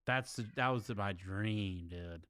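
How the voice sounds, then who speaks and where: Young man, casual stream chat, low and smooth, rambling with lots of dude and bro. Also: unhurried, fairly bright tone, dry recording. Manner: laid-back, rambling, says dude and bro.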